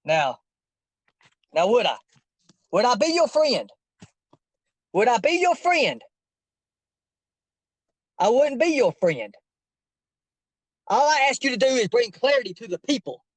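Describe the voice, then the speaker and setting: A man's voice: extremely high pitch, sing-song, slow pace, pauses often, dry recording, rough recording. A man in a heated confrontation, insistent and preachy, repeating his questions over and over.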